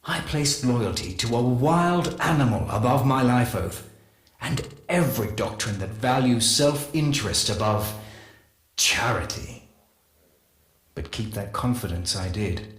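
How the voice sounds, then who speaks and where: A man playing a solemn male scientist who records a measured, reflective confession in a game audio log. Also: medium pitch, expressive, echoey room, close to an everyday voice. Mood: grave. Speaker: morphology specialist.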